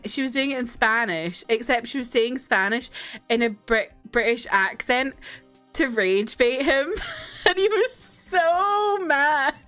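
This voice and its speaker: Giggly high-voiced woman streamer. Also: a bit bright. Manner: giggly and chatty, laughing often. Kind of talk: casual let's-play commentary.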